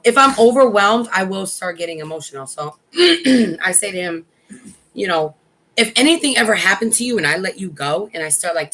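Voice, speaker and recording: A woman's voice: mid-range voice, a bit bright, rough recording. A middle-aged woman co-hosting a casual chat, telling a family story in a candid way and acting out the dialogue. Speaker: podcast co-host.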